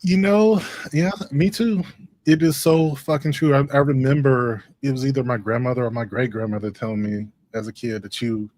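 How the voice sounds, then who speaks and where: A man co-hosting a casual comedic chat show, relaxed and amused, swearing casually. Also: mid-range voice, moderate pace. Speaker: co-host.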